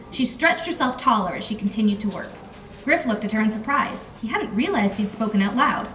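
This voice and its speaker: Here the same kind of scene plays out: a young woman novelist reading her own book in a library, with loose, filler-heavy chatter between excerpts. She speaks a little fast in a mid-range, slightly bright voice. There's some hiss or hum, echo, and a distant mic.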